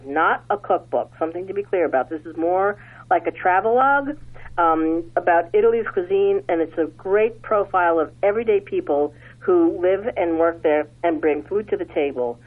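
A woman with a slightly low voice talks up a book in a loose, halting way, full of ums and restarts. Her voice comes through narrow and phone-like, over a radio line. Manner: warm praise with frequent fillers and restarts. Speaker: publishing representative presenting books. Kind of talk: casual book talk.

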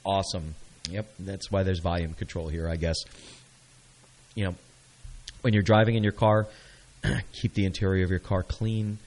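A man's voice: deep voice, little pitch movement, moderate pace, long pauses, a little mellow, low-quality recording. A man hosting a local radio show, talking casually and upbeat, coaching listeners and checking in with "okay?".

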